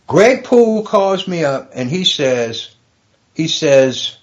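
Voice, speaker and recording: A middle-aged man, a stand-up comedian guest, telling a story in a profane, animated way, laughing often. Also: high-pitched, slow. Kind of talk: casual storytelling. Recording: dull lo-fi podcast recording.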